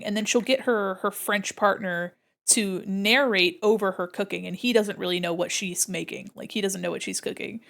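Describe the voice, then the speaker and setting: A young woman streamer chats casually with her livestream chat while drawing, giggling often and reading out viewer messages. Her voice is medium-pitched and creaky.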